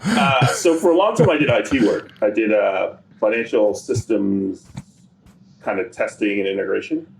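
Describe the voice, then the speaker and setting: A man appearing as a podcast guest, talking about his work in a relaxed, rambling way full of fillers. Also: fairly low pitch, moderate pace, gravelly, a little hiss or hum. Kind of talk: casual chat.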